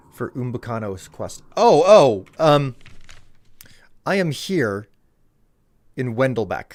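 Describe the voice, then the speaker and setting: Animated, playful male game streamer. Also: mid-range voice, creaky. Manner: chatty, playful, talks to himself while playing. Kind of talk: casual live-stream gameplay commentary.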